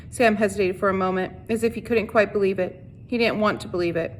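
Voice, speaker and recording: A woman teacher reading a novel aloud to her class in a steady, unhurried storytelling voice. She stumbles now and then and restarts the phrase. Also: mid-range voice, a little hiss or hum.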